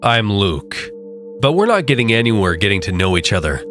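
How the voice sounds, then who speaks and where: A suspicious, commanding man trapped in a dark room, voiced by a male narrator. His voice sits low and he speaks curtly, snapping at strangers. Faint music plays behind him. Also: big pitch swings, a little fast. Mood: tense, gruff. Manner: curt, commanding.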